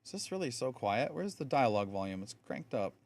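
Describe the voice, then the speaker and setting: Chatty, animated male game streamer. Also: mid-range voice, fairly quick. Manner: chatty and explanatory, full of fillers. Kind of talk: casual live-stream commentary.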